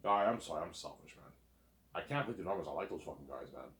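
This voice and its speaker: A man's voice: low voice, expressive, fast, fairly bright tone. A young man rambling casually and profanely, often repeating and stumbling over his words. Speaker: vlogger. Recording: echoey room.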